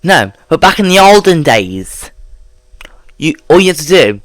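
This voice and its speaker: A man's voice: a little high, very animated, a little slow, a bit bright. A man hosting a casual solo podcast, rambling and sighing as he talks straight to the listener. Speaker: podcast host.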